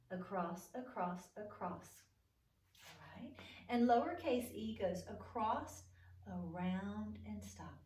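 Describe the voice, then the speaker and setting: Slow, sing-song preschool teacher woman. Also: a little high, darkish tone. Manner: slow, sing-song, encouraging teacher talk with drawn-out letter sounds. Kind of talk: video lesson for young children. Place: classroom or home room with whiteboard. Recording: echoey room, voice from far off.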